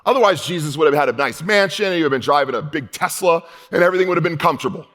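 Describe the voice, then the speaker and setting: A male pastor preaching a sermon in a casual, conversational way, slowing down for emphasis and dropping low and quiet on key points. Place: church hall.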